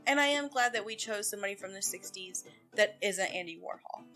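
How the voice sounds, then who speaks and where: A woman with a Texan accent co-hosting an art podcast in casual, animated chat, laughing often and talking fast when excited. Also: medium pitch, faint music behind. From Texas, USA. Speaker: podcast co-host.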